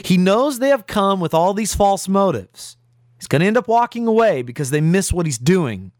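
Animated male preacher, lively pitch. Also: moderate pace, no echo, clean studio sound. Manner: preaching with rhetorical questions and dramatic scripture readings. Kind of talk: sermon.

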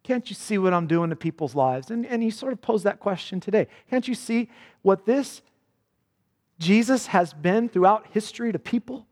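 A man's voice: sits high, lively intonation, moderate pace, darkish tone, in a large hall. A male pastor preaching a sermon with earnest emphasis, quoting scripture dramatically.

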